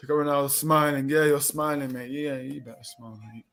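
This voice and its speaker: Male watchalong host with a slightly high voice, casual and teasing. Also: steady tone, quick pace, a bit bright. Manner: teasing, slangy banter. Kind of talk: casual live commentary chat.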